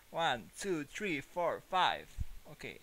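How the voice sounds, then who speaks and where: A man's voice: fairly high pitch, huge pitch swings, slow pace, noisy background. A man streaming a horror game, jumpy and nervous, laughing and muttering to himself.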